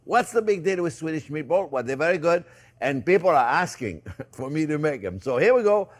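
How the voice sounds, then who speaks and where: A man's voice: on the high side, big pitch swings, brisk. A man with a French accent hosting a casual cooking demonstration, chatty and playful, chuckling often with lots of fillers. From France. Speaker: cooking show host.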